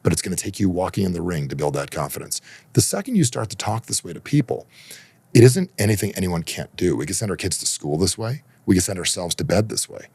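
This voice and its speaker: A man coaching on human behavior as a podcast guest, emphatic and persuasive, acting out dialogue in animated raised voices. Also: deep voice, fast, creaky, slightly rough, no room sound.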